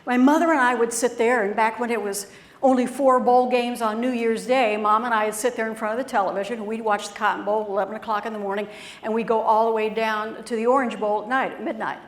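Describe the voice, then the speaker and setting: Animated woman giving a keynote in an echoey room. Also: a little high, fast talker. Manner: conversational, animated storytelling with acted quotes. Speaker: keynote speaker. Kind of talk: storytelling keynote speech.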